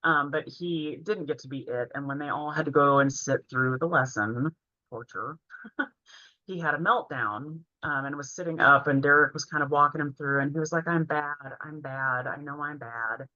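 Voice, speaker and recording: A woman's voice: sits low, normal speed, bright, forceful tone, no room sound. A woman in her forties telling a heartfelt personal story in an earnest way while presenting a training session. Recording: dull, lo-fi, dry sound.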